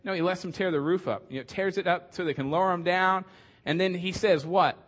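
Chatty pastor with a higher voice. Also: male voice, brisk, a bit bright. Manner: conversational, joking, many fillers. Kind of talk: casual sermon.

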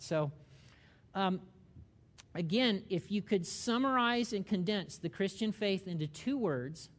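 A middle-aged man preaching a sermon, lively and conversational, acting out little voices and asking "okay?" often. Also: sits high. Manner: animated, acts out little voices and asides, repeats "okay?". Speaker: pastor.

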